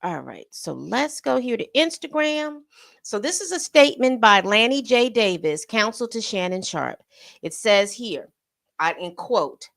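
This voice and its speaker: A woman's voice: expressive, gravelly, a bit bright, no room sound. Incredulous woman, dry close sound. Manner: incredulous, voice jumps high when amused; reads statements aloud with pauses. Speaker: co-host. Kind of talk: casual commentary on a news story. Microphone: streaming setup mic.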